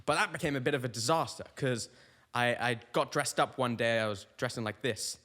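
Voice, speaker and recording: Young man, comedian host, rambling tangents, mid pitch, long hall reverb. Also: fairly quick, pushed and bright. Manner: rambling, tangent-prone storytelling. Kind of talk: comic podcast monologue.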